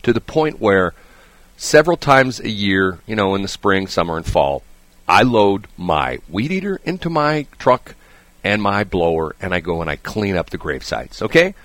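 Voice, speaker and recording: A middle-aged man hosting a talk show, telling a long story in a casual, animated way, often restarting his sentences and checking in with "okay?". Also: low voice, moderate pace, no room sound. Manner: rambling, animated, frequent restarts and "okay?" asides. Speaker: radio show host.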